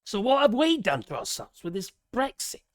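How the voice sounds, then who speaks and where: Raspy British man ranting sarcastically. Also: very high voice, sing-song, moderate pace, no echo, studio quality. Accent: British English. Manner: sarcastic, exasperated, swears freely. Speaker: political commentator. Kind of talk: casual ranting commentary.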